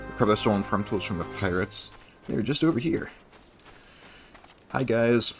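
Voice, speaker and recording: A man streaming a video game, chatting casually between dialogue with relaxed, self-deprecating asides. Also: lowish voice, moderate pace, long pauses, faint music behind. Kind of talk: casual gameplay commentary.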